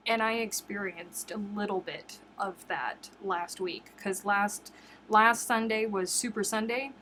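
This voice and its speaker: A woman's voice: medium pitch, unhurried, pushed and bright, a little hiss or hum. A woman chatting casually as she hosts a crochet livestream, talking to her viewers in a loose, rambling way, often doubling back on her words and breaking into laughter. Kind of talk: casual live-stream chat.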